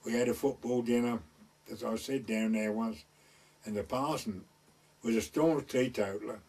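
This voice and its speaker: An older village storyteller from East Anglia, England, speaking a North Essex / West Suffolk border dialect, rambles through village stories for an oral-history recording and voices the people he quotes. His voice is medium-pitched and a little mellow at a moderate pace, and he sits far from the mic.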